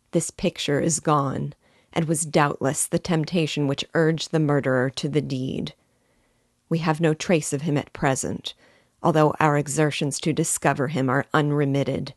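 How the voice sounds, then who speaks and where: Low-voiced woman reading a novel aloud. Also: dry recording, clean studio sound. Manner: measured, expressive reading. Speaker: book reading guide.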